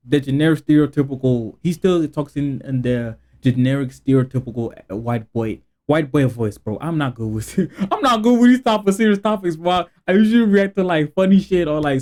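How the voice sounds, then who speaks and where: Male reaction host from Africa, loose slangy delivery, lively pitch, mellow tone. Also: moderate pace. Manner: slangy, rambling, lots of "bro" and "like". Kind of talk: casual reaction commentary.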